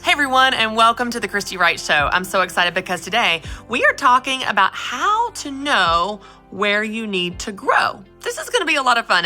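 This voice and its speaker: A woman hosting her own show, giving a lively, expressive faith-based talk straight to her listeners. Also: medium pitch. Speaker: podcast host. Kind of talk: casual faith-based monologue.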